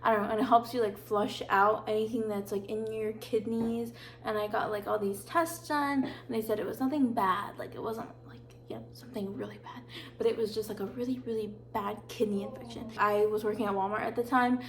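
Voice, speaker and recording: A woman's voice: on the high side, fairly even intonation, a little fast, few pauses, a little hiss or hum. Chatty young woman telling stories. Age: 20s. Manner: chatty, filler-heavy, dramatic retelling. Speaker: vlogger. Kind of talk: casual storytelling.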